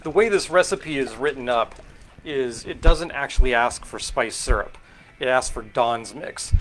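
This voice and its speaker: A middle-aged man from California's Central Valley hosts a relaxed cocktail-making stream. He talks at an ordinary pitch for a man, musing out loud with many fillers and restarts. His delivery is loose and conversational rather than scripted. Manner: rambling, thinking aloud with fillers and self-corrections. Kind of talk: casual live-stream chat while mixing drinks.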